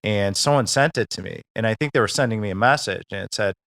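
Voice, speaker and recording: A man with a fairly low voice hosts a casual interview. He asks loose, rambling questions and pads them with easygoing fillers. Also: quick pace, gravelly, fairly bright tone. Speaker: podcast host.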